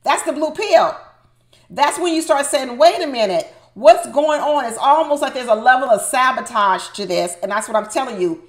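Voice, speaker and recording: A woman's voice: sits high, moderate pace, roomy sound. A woman hosting a recap of a reality show, giving opinionated commentary and talking straight to her viewers with lots of emphasis.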